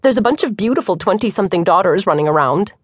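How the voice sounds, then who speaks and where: A woman narrator voicing a confident young woman who runs a construction firm, brisk and teasing in her manner. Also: mid-range voice, expressive, dry recording, clean studio sound, close to an everyday voice.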